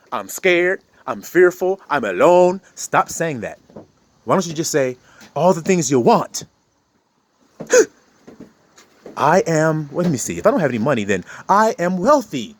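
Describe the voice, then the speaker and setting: Male spiritual teacher, informal preacher, slightly raised pitch, very expressive, salty language. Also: slight background noise. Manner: animated, swears casually, laughs often.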